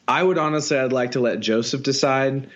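A man's voice: medium pitch, fairly quick, lo-fi sound. A man co-hosting a podcast in casual chat, earnest and self-deprecating with a joking streak. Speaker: podcast co-host.

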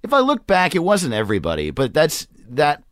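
A man's voice: a little high, wildly swooping pitch, fairly quick, a bit bright, dry recording, studio quality. A young man, a comedian, chatting casually on a podcast, laughing often and acting out quotes. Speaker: comedian guest. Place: garage studio.

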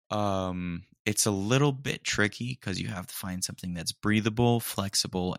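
A young man hosting a podcast, chatting casually and rambling, his voice a little hoarse. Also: deep voice, no room sound, studio quality. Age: young adult. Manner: rambling, relaxed, many fillers. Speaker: podcast host. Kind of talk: casual solo chat.

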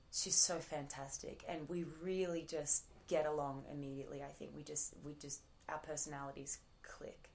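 A woman's voice: low voice, darkish tone, a little hiss or hum. A woman in her thirties with an Australian accent, chatting casually as an interview guest, full of fillers and restarts. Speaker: actress guest.

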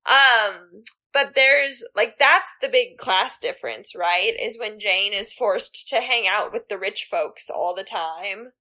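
Her medium-pitched voice is bright and forceful, slow-paced, with hardly any pauses. She's a co-host on a casual book podcast, chatty and constantly saying "like."

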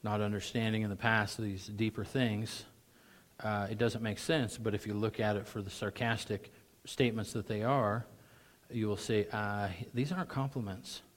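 A middle-aged male pastor delivers a sermon with animation, speaking at a normal speed in a fairly low pitch. His voice jumps sharply when he turns sarcastic and mocking, and he clears his throat often.

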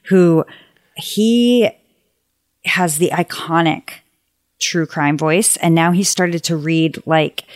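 A woman's voice: deep voice, no room sound, studio quality. A woman talking as a guest on a podcast in an eager, casual way, full of fillers. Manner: enthusiastic, quick, full of fillers. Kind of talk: casual conversational chat.

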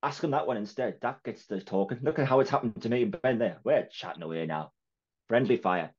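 A man's voice: mid-range voice, a little fast, slightly rough, lo-fi sound. Chatty Geordie man hosting. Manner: chatty, laughs often, acts out quotes. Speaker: podcast host. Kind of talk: casual chat.

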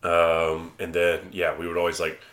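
A man's voice: sits low, completely flat delivery, normal speed, fairly bright tone, a little hiss or hum. A young man from Alabama, a podcast guest, chatting casually in a rambling way full of fillers and swearing. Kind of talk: casual chat.

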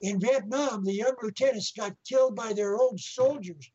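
A man's voice: high-pitched, normal speed, a little mellow, dull audio. A male interview guest telling a long anecdote, rambling and often repeating and restarting his phrases. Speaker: guest speaker.

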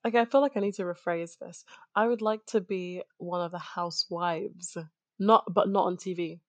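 A woman's voice: lowish voice, fairly even intonation, moderate pace, no echo. Wry woman, dry close sound. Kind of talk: casual chat.

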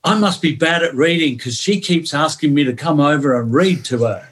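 An older man with an English accent, talking as a guest on a podcast. He tells stories in a relaxed, chatty way, often dropping in a quick "yeah" between thoughts. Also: on the high side. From England. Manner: storytelling, chatty, peppers talk with "yeah". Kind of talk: podcast interview.

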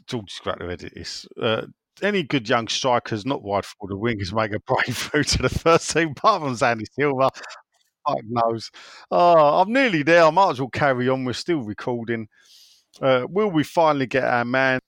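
A man hosting a football podcast over a remote call, chatting loosely and rambling on while he swears and mutters to himself. His voice has a middle pitch and a dry, close sound with no room echo. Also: lively intonation, moderate pace, a bit bright. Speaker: podcast host. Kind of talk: casual football podcast chat.

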